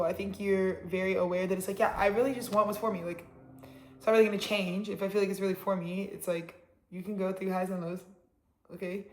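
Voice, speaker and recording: A woman's voice: mid-range voice, echoey room, slight background noise. A woman giving a casual, rambling tarot reading, talking bluntly and swearing freely. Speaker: tarot reader.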